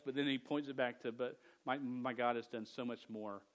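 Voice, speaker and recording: A man's voice: mid-range voice, little pitch movement, fairly quick. A man preaching a sermon with a stutter, often repeating words, speaking earnestly and directly to a young audience.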